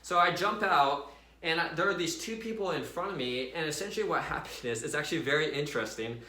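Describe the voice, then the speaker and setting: A man casually telling a personal faith story to his viewers in a chatty, animated way, full of fillers. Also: on the high side, fast, echoey room. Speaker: vlogger sharing a faith story.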